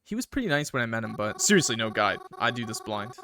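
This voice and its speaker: A man's voice: fairly low pitch, very animated, fast, sharp tone, a little hiss or hum. A young man doing casual game commentary as a streamer, joking, laughing often and talking to his chat. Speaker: gaming streamer.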